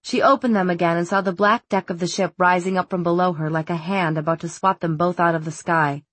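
A woman narrating a novel in a measured, steady way, on a close studio mic. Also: on the low side, dry recording. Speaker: audiobook narrator. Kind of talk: scripted narration.

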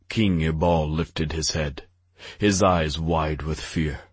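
A man narrating an audiobook in the first person with a steady, grave delivery. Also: a bass voice, a little slow, husky, no room sound.

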